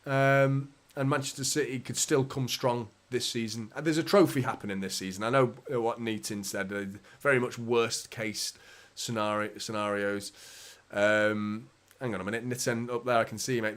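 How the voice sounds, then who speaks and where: A man's voice: mid-range voice, fairly even intonation, moderate pace. A man from England hosting a live football fan stream, casually reading and answering chat comments, chatty and swearing now and then. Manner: chatty, defensive, swears casually, laughs between points. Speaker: football fan channel host.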